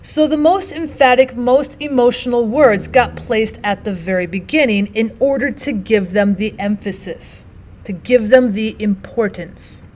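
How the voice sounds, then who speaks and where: A woman's voice: on the high side, unhurried, darkish tone, slight background noise. A woman teacher narrating a recorded language arts lesson, explaining and reading quotes aloud with emphasis.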